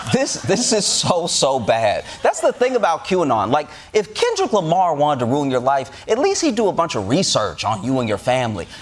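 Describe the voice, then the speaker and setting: A man delivering a sarcastic, animated comedic monologue as host. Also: fairly high pitch, measured pace, slight background noise.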